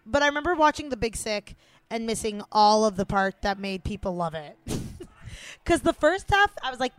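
A woman's voice: mid-range voice, sing-song, moderate pace, clear, resonant tone, dry recording. A young adult woman from Canada, co-hosting a podcast and talking through a film in blunt, opinionated, casual commentary, laughing often. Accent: Italian-Canadian. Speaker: podcast co-host. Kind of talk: casual movie-watching commentary.

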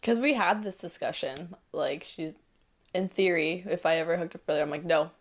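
A woman in her twenties telling a personal story as a podcast guest, chatty and animated, full of fillers. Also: fairly low pitch, moderate pace. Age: 20s. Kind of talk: casual storytelling.

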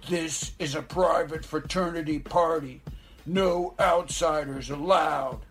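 A woman reading aloud and voicing a glamorous, playful older hostess who puts on a slow, deep, throaty voice. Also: faint music behind. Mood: mock stern.

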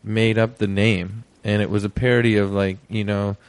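A man's voice: fairly low pitch, level tone, moderate pace, clean tone, no echo. A young man hosting a podcast, rambling and joking through a casual intro. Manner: rambling, self-deprecating, jokey. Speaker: podcast host.

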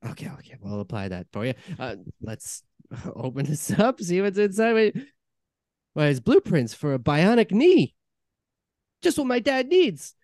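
A man rattling off goofy, eager patter in an improv comedy scene. His voice is a little high and bounces up and down, recorded close and dry. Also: wildly swooping pitch, unhurried, darkish tone, no room sound.

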